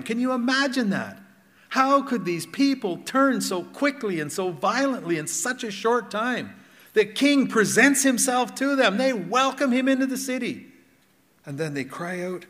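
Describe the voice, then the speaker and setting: A middle-aged man preaching a sermon in a conversational way, asking the congregation questions and swinging between loud and hushed. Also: on the high side, animated, unhurried, long reverb tail. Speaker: pastor. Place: church hall.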